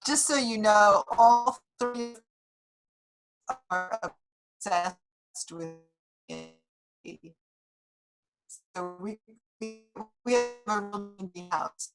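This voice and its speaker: A woman's voice: medium pitch, takes it slowly, long pauses, music in the background, poor audio. A woman author speaking to a class over a video call, reflective, with frequent ums and restarts. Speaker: guest author.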